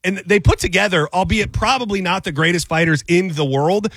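Podcast co-host, male, loose rambling chat, dry close sound, slightly higher voice. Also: fairly quick, fairly bright tone, husky, no echo. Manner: rambling, loose, trails off and restarts. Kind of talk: casual chat.

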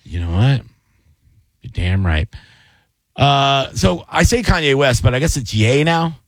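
A man in his thirties co-hosting a radio talk show, an animated storyteller who slips into mock DJ and anchor voices. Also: mid-range voice, a little slow, dry recording. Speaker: radio co-host. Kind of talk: casual chat.

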